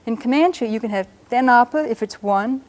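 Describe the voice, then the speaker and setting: A woman teaching a language lesson on a broadcast show, patiently explaining and slowing down to sound out words. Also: on the high side, darkish tone.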